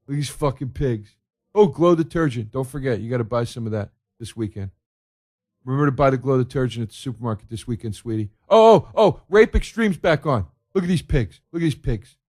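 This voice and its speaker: Lowbrow male couch viewer, crude and gawking, as a comedian puts him on. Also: quick pace, lightly acted. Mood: slack. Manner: slack, crude, then excited.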